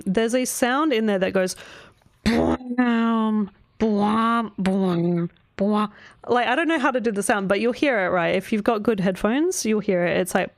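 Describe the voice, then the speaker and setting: A woman's voice: lowish voice, vocal fry, no room sound. A woman vlogger chatting casually, rambling with lots of fillers, asking "right?" and swearing freely. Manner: rambling, filler-heavy, often asks 'right?'. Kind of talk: casual chat.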